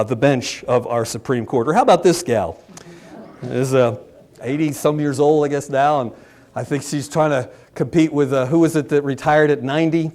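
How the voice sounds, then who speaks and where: A man preaching a political sermon as a pastor, impassioned, swinging between loud emphatic peaks and low muttered asides. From Maryland, USA.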